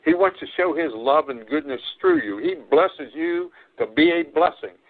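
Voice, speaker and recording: A man's voice: a little high, wildly swooping pitch, moderate pace, creaky. A man preaching a sermon on his radio program, earnest and repetitive, with frequent fillers and restarts. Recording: tinny phone-line radio broadcast.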